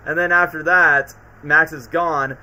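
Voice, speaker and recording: A man hosting a casual commentary livestream from home, rambling fast and filling his talk with "like" and "bro.". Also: a little high, fairly even intonation, sharp tone, low-quality recording. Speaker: streamer and channel host.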